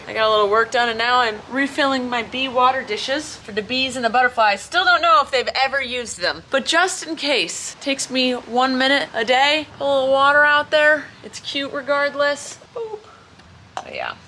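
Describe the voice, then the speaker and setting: A woman with a fairly high, sharp-toned voice and a faint hiss or hum talks casually to her camera. Her vlog rambles and pokes fun at herself as she moves between home and her errands.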